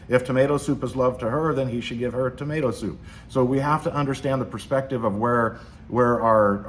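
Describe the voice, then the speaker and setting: A man's voice: on the low side, a little hiss or hum. A man hosting a casual motivational monologue, rambling with frequent restarts. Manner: rambling, with many restarts and fillers. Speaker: host.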